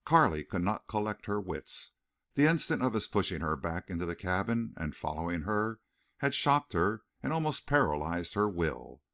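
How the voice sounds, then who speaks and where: A man narrating a western novel as an audiobook, reading in an expressive, dramatic way. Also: deep voice, normal speed, vocal fry. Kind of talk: scripted narration.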